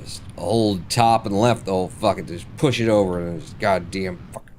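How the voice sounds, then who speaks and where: A man's voice: deep voice, moderate pace, darkish tone, slight background noise. A man streaming a space game live, muttering and swearing at the game with sarcastic frustration. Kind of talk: live gameplay commentary.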